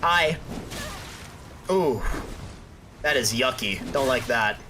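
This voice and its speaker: A man's voice: medium pitch, expressive, slow pace, noisy background. A young man streaming a game, chatting casually with his viewers and joking, trash-talking and bantering playfully. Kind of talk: casual live-stream chat while gaming.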